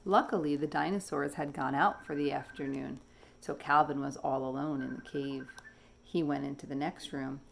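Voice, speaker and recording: A woman teacher reading a picture book aloud in a slow, expressive storybook manner. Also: rumbling low, vocal fry, a little hiss or hum.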